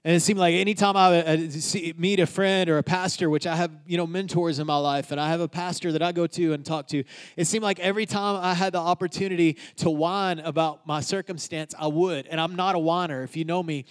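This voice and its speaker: A man preaching from the pulpit, telling a personal story in an easy conversational way. His voice sits a little high for a man. He swings between emphatic bursts and soft, hushed stretches. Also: fairly even intonation, a little fast. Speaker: pastor. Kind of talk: sermon.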